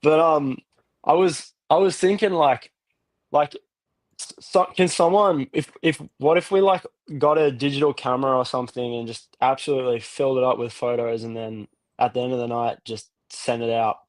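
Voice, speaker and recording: A young Australian man calling in to a fan show, chatting in a relaxed, rambling way. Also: mid-range voice, normal speed, no echo. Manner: relaxed, rambling, lots of fillers and restarts. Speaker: caller. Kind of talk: casual call-in chat.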